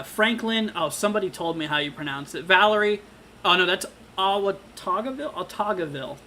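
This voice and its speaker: A young man hosting a live severe-weather stream, talking casually with lots of fillers and halting restarts while reading viewer comments. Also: on the high side, pushed and bright, slight background noise. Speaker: livestream weather host.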